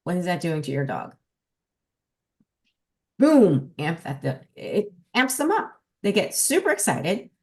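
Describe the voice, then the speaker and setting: Emphatic woman dog trainer, lowish voice. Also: moderate pace, hardly any pauses. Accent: New Jersey. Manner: emphatic, lively teaching delivery. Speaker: dog trainer and podcast host. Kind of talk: casual podcast talk.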